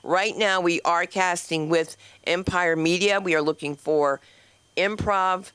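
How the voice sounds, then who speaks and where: Brash woman stand-up host, smooth voice. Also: fairly low pitch, steady tone, unhurried, fairly bright tone, dry recording. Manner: brash, chatty, teases the audience. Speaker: open mic host and comedian. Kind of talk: stand-up comedy. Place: comedy club stage. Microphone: handheld microphone.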